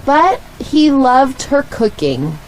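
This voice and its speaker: A woman with an American accent reading short English sentences aloud for learners, slowly and with clear enunciation. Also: sits high, sing-song, darkish tone, a little hiss or hum, poor audio. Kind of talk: slow, deliberate read-aloud for learners.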